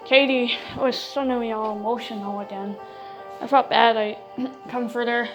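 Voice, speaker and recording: A woman's voice: fairly high pitch, steady tone, moderate pace, muffled recording, over music. A woman casually telling a creepy true story, cursing freely and retelling what everyone said. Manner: casual, swears freely, retells talk with "I'm like".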